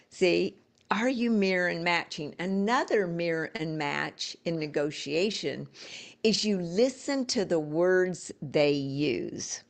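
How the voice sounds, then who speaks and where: A woman's voice: on the low side, measured pace, gravelly. A middle-aged woman coaching live, emphatic, repeating key words and acting out sample dialogue.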